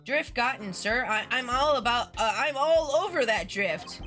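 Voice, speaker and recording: Stammering rookie lawyer, young man, high and overeager, read by a woman streamer. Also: animated, unhurried, fairly bright tone, soft background music. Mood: eager. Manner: stammering, overeager, insisting he's fine. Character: nervous young male rookie defense lawyer.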